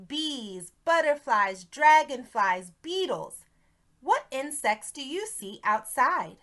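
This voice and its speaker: A woman teaching a video lesson to preschool children in a slow, encouraging, sing-song way. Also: sits high, sing-song, a bit bright.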